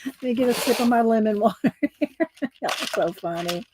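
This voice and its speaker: A woman's voice: a little high, expressive, normal speed, noisy background. A woman hosts a casual art livestream, chatting in a rambling way and laughing often. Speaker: art channel host.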